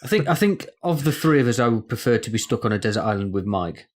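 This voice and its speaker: A man's voice: medium pitch, very animated, fast talker. A man co-hosting a casual gaming podcast, trading jokes and easy banter. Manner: joking banter. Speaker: podcast co-host.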